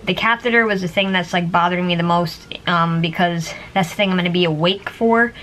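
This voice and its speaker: A woman's voice: on the low side, brisk, fairly bright tone, slight background noise. A woman vlogger chatting casually to camera, rambling with lots of fillers and little laughs.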